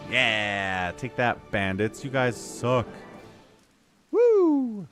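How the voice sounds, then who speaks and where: Chatty man streaming a game, lively pitch. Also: unhurried, over music. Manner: chatty, reads game text aloud, jokes to himself. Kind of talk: casual gameplay commentary.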